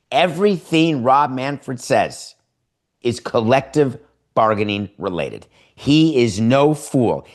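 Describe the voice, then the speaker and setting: A man hosts a sports talk show in an opinionated, lecturing way. He drives his points home with drawn-out emphasis and rapid rhetorical questions. His voice sits at an ordinary, middle pitch. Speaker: podcast host.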